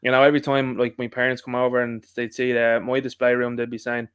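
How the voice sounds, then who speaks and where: A man's voice: medium pitch, little pitch movement, quick pace, fairly bright tone, smooth, dry recording, clean studio sound. A man with a thick Irish accent, a guest on a podcast, talking in a friendly, chatty way. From Ireland. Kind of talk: casual interview chat.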